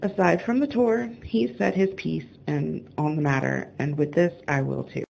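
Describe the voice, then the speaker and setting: Low, gravelly woman narrating. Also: normal speed, a little mellow, slight background noise, poor audio. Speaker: show host. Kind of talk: scripted narration.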